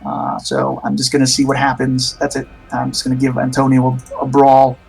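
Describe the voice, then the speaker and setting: A man's voice: mid-range voice, completely flat delivery, brisk, creaky, darkish tone, husky, soft background music, low-quality recording. A man running a tabletop horror game as game master, narrating in a rambling way with many restarts.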